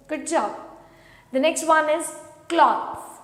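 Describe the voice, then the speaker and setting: A woman's voice: high-pitched, a little slow. A woman teaching pronunciation, patiently repeating each word for learners to echo. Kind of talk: slow, drilled pronunciation lesson. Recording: echoey room with long reverb.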